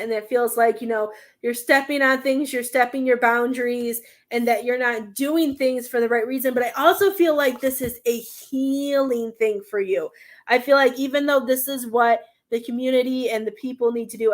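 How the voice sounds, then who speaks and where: A woman's voice: fairly high pitch, fairly even intonation, moderate pace. A young adult woman giving a live tarot reading, earnest and rambling, often close to tears, with many fillers. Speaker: tarot card reader.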